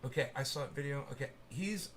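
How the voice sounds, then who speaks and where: Rambling, foul-mouthed man with a bright tone. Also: medium pitch, fast talker, slight background noise. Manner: rambling, profane, laughs often. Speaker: channel host. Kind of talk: casual chat.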